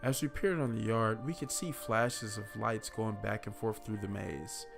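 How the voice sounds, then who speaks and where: A man casually reading a first-person horror story, relaxed and profane in a conversational way. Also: on the low side, unhurried, creaky, over music.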